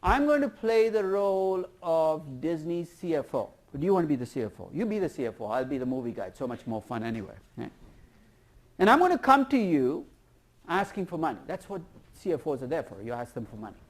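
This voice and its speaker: A man lecturing a university class, lively and putting questions to the students. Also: a little high, brisk. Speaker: professor.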